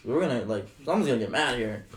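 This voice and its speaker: A man's voice: mid-range voice, fast talker, roomy sound. A man telling a wild story on a casual podcast, swearing often and acting out the quotes. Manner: animated, swearing, acts out quotes. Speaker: podcast guest.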